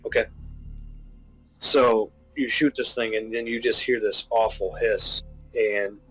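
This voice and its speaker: A man narrating as game master of a tabletop game, describing scenes haltingly with many restarts, while he has the hiccups. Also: lowish voice, steady tone, fairly bright tone, husky, faint music behind, low-quality recording.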